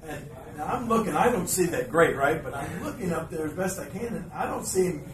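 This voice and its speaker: A man's voice: on the high side, animated, a little fast, crowd noise. A man hosting a podcast before a live audience, telling a long anecdote in a rambling way with many restarts and asides. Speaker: podcast host. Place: live event venue. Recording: roomy live venue, mic at a distance, background noise.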